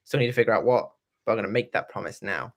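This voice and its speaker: A man hosting a live Q and A stream as a coach, explaining in a relaxed, casual way with fillers. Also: on the low side, very fast.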